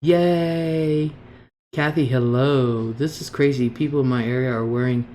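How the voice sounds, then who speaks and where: A man's voice: mid-range voice, fairly even intonation, a little slow, a little mellow, a little hiss or hum. A man hosting a casual livestream, chatting and reading viewer comments aloud before replying. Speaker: livestream host.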